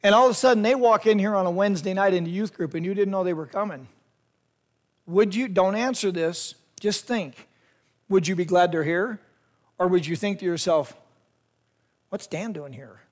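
A man with a notably high voice preaches to a youth group. He retells the story vividly and keeps turning to his listeners with direct questions. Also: fairly quick. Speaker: youth pastor.

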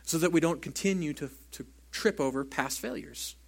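A man's voice: on the high side, moderate pace, vocal fry. Earnest male pastor preaching. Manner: earnest, conversational preaching with soft, hushed stretches; asks the listeners "right?" often. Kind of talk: sermon.

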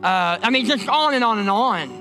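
A man's voice: sits high, lively intonation, normal speed, sharp tone, faint music behind. A man from Indiana preaching a sermon as a pastor, emphatic and repetitive, often restarting his words.

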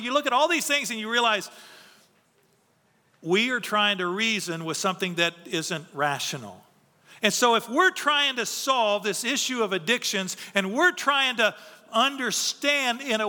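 Pastor type, man, high and very bright voice, earnest conversational preaching, hall reverb. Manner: conversational, earnest, with filler restarts. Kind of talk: sermon.

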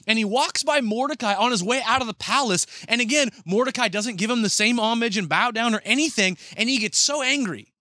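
A man preaching a sermon as pastor, retelling a story and acting out the characters' lines in a lively way. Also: very high voice, a little fast, hardly any pauses, no echo.

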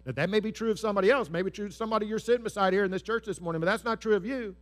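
A man's voice: high-pitched, rapid-fire, pitched above the performer's own voice, close to an everyday voice. A man voicing an accusing male devil who taunts a listener in an insistent way.

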